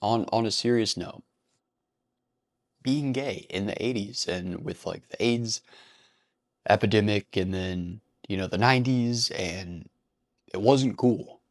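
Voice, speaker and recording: This commentary channel host has a lowish voice and speaks slowly, pausing often. Hosting a casual vlog commentary, he talks bluntly, swears a lot and laughs easily.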